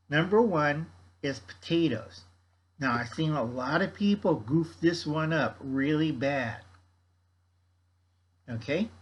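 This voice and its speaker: A man's voice: mid-range voice, husky, muffled recording. An older man hosting a gardening channel, giving blunt, folksy advice in a rambling casual chat and scolding his viewers. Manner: blunt, scolding, folksy, refers to himself in third person.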